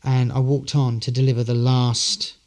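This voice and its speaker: Male actor, guest; chatty, rambling storyteller, average pitch. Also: level tone, moderate pace, a little mellow. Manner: good-humoured, rambling storyteller. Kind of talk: casual interview anecdotes.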